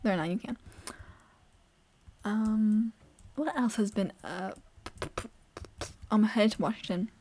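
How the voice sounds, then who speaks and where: A teenage girl chatting fast and opinionated in a casual vlog, rambling with lots of "like" and shifting between a harsher voice and a softer, airy one. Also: medium pitch, a little hiss or hum. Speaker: vlogger. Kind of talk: casual chat over gameplay.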